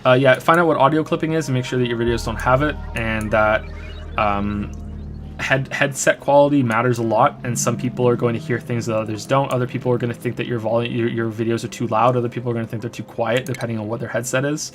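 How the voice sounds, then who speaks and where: A man streaming a game and answering viewer questions in a loose, rambling way, restarting sentences often. His pitch sits in a middle range. Faint music plays behind him. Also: fairly even intonation, quick pace. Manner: rambling, many restarts and fillers. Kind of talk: casual live-stream chat while gaming.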